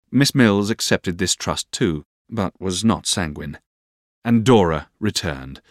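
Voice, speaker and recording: Deep-voiced male narrator, expressive and animated, for a classic audiobook. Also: dry recording, studio quality. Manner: expressive, lively reading.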